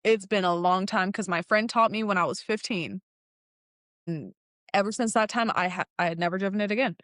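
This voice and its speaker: A young adult woman telling a casual story in an animated way, laughing often and acting out the lines of the people in it. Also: medium pitch, brisk, dry recording, clean studio sound. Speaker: guest telling her car story.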